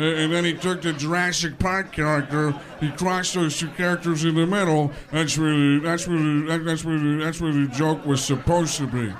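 A man in a stand-up comedy set, explaining a joke in halting, stumbling phrases. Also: fairly high pitch.

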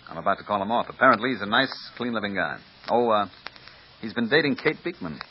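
A man's voice: on the low side, animated, fast talker, slight background noise, close to an everyday voice. An actor playing a clipped, businesslike male police lieutenant in a 1950s radio drama. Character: brisk, matter-of-fact male police lieutenant. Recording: dull lo-fi old radio recording.

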